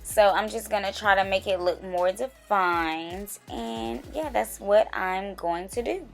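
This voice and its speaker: A woman's voice: medium pitch, unhurried, vocal fry. Chatty young woman narrating a makeup tutorial. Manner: chatty, talks straight to viewers. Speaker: beauty vlogger. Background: faint music.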